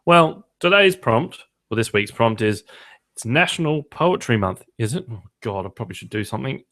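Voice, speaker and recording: A man's voice: medium pitch, lively intonation, normal speed, fairly bright tone. A man hosting a podcast, telling rambling, jokey stories in casual chat. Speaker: podcast host.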